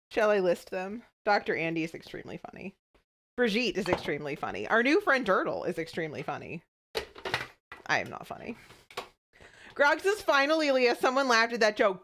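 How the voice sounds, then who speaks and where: A woman's voice: fairly low pitch, fairly bright tone, slight background noise. Giggly, rambling woman streamer. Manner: rambling and giggly, halting with many restarts. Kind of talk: casual joke-telling to a live chat.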